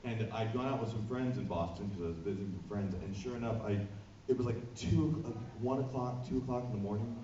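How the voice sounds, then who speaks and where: A man, a voice actor, telling an animated anecdote at a convention panel, acting out voices, recorded from far off. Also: lowish voice, a little fast. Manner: animated storyteller, acts out voices. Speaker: voice actor guest. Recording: echoey hall, distant muffled mic, noisy. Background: audience laughter, room noise.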